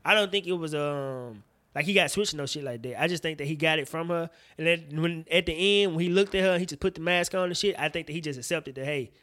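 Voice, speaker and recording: A man in his thirties co-hosting a casual podcast, talking about movies in an animated, slangy, profane way. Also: fairly high pitch, quick pace. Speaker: podcast co-host.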